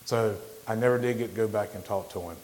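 A middle-aged man giving an informal sermon as a guest speaker, plainspoken, halting, with frequent restarts. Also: lowish voice, darkish tone, a little hiss or hum, poor audio. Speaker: guest lay preacher.

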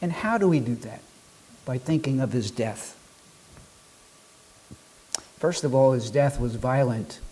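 A man preaching a sermon, building rhythmic lists and pausing for dramatic effect. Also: mid-range voice, warm tone, slight background noise. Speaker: pastor.

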